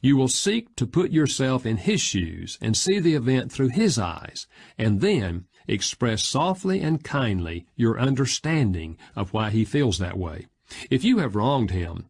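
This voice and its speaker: A man narrating an audiobook in a measured, expressive reading style. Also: medium pitch, husky.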